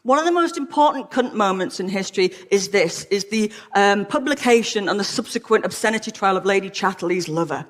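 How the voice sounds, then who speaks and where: An Englishwoman gives a humorous public talk, frank and playfully witty. Her voice sits at an ordinary middle pitch. A long reverb from the large hall follows her words. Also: lively intonation, brisk, few pauses. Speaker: lecturer.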